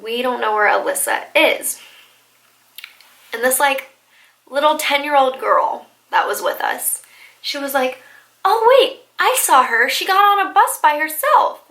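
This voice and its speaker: A woman in her twenties tells a storytime vlog in an excitable, animated way, with plenty of likes and laughter. Her voice sits high and sounds bright and forward. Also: creaky, rough recording. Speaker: vlogger.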